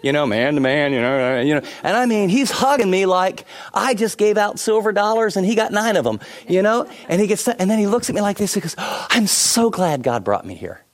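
A middle-aged man preaching a sermon, telling stories with many asides and shifting between lively and hushed delivery. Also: high-pitched, fairly quick, hardly any pauses. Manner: animated storytelling with many asides. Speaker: pastor.

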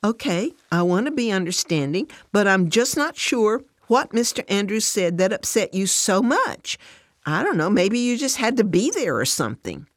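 A woman voicing a calm, patient friend who speaks cautiously. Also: medium pitch, moderate pace, no echo, studio quality, pitched above the performer's own voice, close to an everyday voice.

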